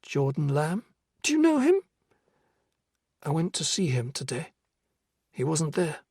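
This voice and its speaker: Audiobook casting: male narrator doing a scared young female cop, tied up in the dark, voice pitched well up, hushed and strained, slightly husky. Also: huge pitch swings, a little slow, dry recording, clean studio sound, full character voice. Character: frightened young woman police officer, captive.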